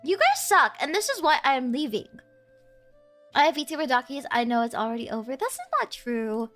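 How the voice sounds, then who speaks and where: High, bright-voiced playful woman streamer. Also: lively intonation, a little fast, soft background music. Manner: playful, teasing, giggly banter with chat. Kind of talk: casual stream chat.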